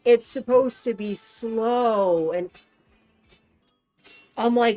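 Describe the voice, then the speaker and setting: A woman's voice: a little high, very slow, long pauses, mellow, soft background music. A young woman co-hosting a casual chat, rambling and swearing freely as she acts out quotes. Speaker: co-host.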